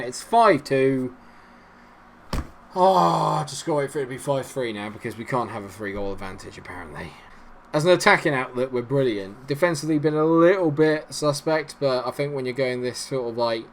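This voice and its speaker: A man giving casual, animated commentary on a football management game, swinging between cheering and grumbling. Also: medium pitch, a little hiss or hum. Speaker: gaming YouTuber.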